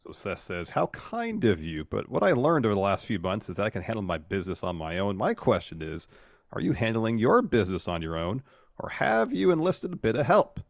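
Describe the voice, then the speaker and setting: A man's voice: low voice, sing-song, fairly quick, vocal fry, no echo, studio quality. A man co-hosting a podcast, narrating events play by play and hamming up quoted lines. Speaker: podcast co-host. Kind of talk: casual recap chat.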